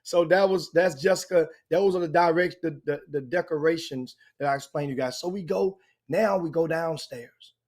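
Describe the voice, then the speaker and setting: An older man with a drawl spins a long, meandering story as a talk show host. His voice sits a little high, and he circles back on himself as he talks. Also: normal speed. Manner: animated, rambling anecdote with frequent restarts. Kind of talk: casual storytelling chat.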